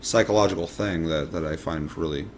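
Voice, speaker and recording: A man's voice: very deep voice, fairly quick, slight background noise. A young man co-hosting a casual chat, rambling and swearing often as he acts out his past thoughts. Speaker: podcast co-host.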